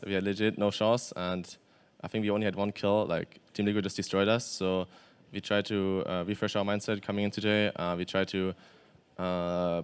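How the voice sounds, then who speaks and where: A young man with a German accent, a pro player answering post-game interview questions in quick, matter-of-fact answers with many fillers and restarts. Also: on the low side, clean tone.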